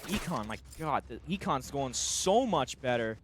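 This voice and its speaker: A young man casting a college esports match live, chatty and joking, with excited calls on big plays. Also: medium pitch, a little slow, slight background noise. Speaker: esports caster. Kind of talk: live esports play-by-play commentary.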